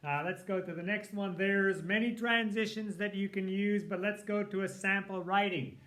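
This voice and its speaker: High, bright-voiced male writing teacher. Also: normal speed. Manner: relaxed, thinking aloud with fillers. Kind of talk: recorded lesson walkthrough.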